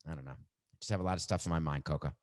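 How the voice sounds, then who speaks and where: A man's voice: very deep voice, rapid-fire, darkish tone. A middle-aged man hosting a podcast, musing aloud in a reflective monologue. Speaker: podcast host.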